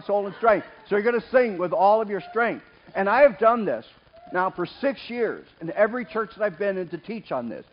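A man preaching a sermon in church, lively and joking, calling on members of the congregation by name. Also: high-pitched. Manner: lively, jokes with the congregation, calls out names. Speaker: pastor. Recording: dull sound with faint noise.

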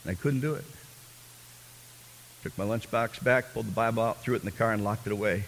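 A man preaching a personal testimony as a sermon, telling his story with fervor and swinging from hushed, quiet passages to loud, impassioned ones. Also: on the low side, fairly quick, creaky, long reverb tail, a little hiss or hum.

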